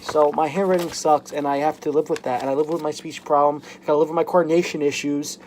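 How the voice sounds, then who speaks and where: A young man talking frankly in a personal vlog at home, halting and full of "like" fillers. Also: a little high, steady tone, darkish tone, a little hiss or hum. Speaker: vlogger. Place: home, at a workbench.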